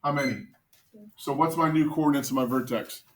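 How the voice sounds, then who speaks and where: A man teaching a math class, joking with students and quizzing them with quick questions. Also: a little high, a little hiss or hum.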